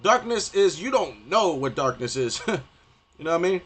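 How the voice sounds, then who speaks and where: A male streamer delivering a rambling, profane rant live, constantly repeating filler phrases and getting loud and heated at times. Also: on the high side, very animated, moderate pace, breathy edge. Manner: profane, rambling, repeats "you know what I mean".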